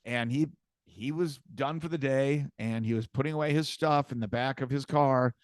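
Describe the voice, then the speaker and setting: A man hosting a podcast, telling stories in casual chat, halting and repeating words as he goes. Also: mid-range voice, no room sound. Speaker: podcast host.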